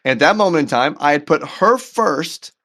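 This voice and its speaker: A man as a podcast guest telling a personal story in an animated, earnest way, often repeating words as he goes. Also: a little high, normal speed. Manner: faith-centered, earnest. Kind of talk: storytelling in conversation.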